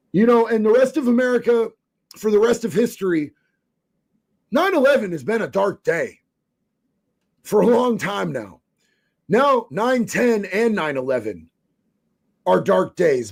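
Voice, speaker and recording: High-voiced fiery male livestreamer. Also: creaky, a little mellow. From Oregon. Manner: fiery, profane, emphatic. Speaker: livestreamer reading viewer comments. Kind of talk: impassioned live-stream commentary.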